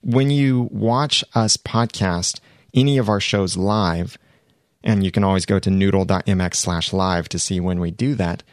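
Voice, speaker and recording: A man with a fairly low voice walks through podcast production advice point by point, clear and practical. He sounds like he's in his own studio, and the recording is dry and close. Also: no room sound. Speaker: podcast host giving production tips. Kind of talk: instructional talk to camera.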